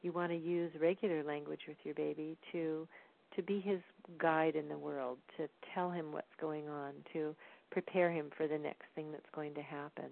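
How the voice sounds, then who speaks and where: A woman with a low, gravelly voice explains parenting in a calm, teaching manner, often pausing on "um". Her voice comes through thin and tinny, like a phone line. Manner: calm, explanatory, frequent "um" fillers. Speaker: parenting educator. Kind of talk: instructional talk.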